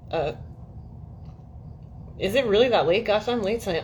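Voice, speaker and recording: A woman's voice: mid-range voice, lively intonation, normal speed, pauses often, slight background noise. A woman chatting casually to viewers on a livestream from her home, rambling, swearing freely and laughing at herself often. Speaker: livestream host. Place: indoors at home, air-conditioned room.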